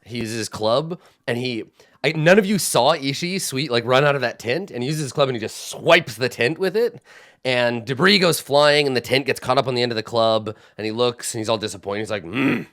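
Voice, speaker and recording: A man's voice: mid-range voice, lively intonation, fairly quick, a bit bright, no room sound, clean studio sound. A man narrating a tabletop game as game master, describing the scene unhurriedly.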